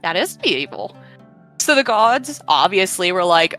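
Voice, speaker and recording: A woman chats through a myth with a lowish, bright, forceful voice. She tells it casually, filling it with fillers, while soft music sits in the background. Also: very animated, unhurried. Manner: chatty, retells myths with frequent fillers. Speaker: podcast co-host. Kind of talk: casual storytelling chat.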